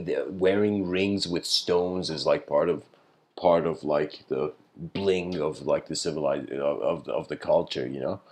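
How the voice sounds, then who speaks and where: A man's voice: low-pitched, darkish tone. Rambling man musing aloud. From Iran. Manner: rambling, lots of fillers and restarts, laughs often. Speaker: speaker giving a philosophical talk. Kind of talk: casual reflective monologue.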